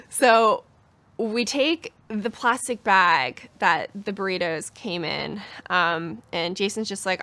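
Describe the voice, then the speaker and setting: A woman's voice: medium pitch, takes it slowly, no echo. Chatty young woman telling a story. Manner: chatty, animated, heavy use of "like". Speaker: cyclist telling a bikepacking story. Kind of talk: casual storytelling.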